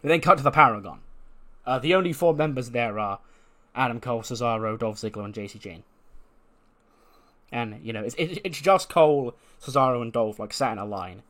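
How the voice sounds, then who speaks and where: A man chatting casually as a podcast host, his voice sitting in a middling pitch. He swears freely and rattles through the retelling, slipping into characters' lines along the way. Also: fairly quick, pushed and bright. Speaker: podcast host recapping a wrestling game playthrough. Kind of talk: casual chat.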